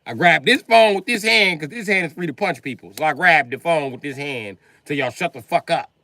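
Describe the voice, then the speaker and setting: A male comedian telling profane comic stories in a live monologue, acting out both sides of conversations and breaking into loud shouts. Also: fairly quick, no room sound. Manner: jumps to loud high shouts when acting out scenes.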